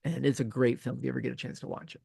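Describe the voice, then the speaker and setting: Chatty man lecturing, gravelly voice. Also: mid-range voice, level tone, rapid-fire, dark tone, no echo, clean studio sound. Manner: chatty, self-correcting with many restarts. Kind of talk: casual classroom lecture.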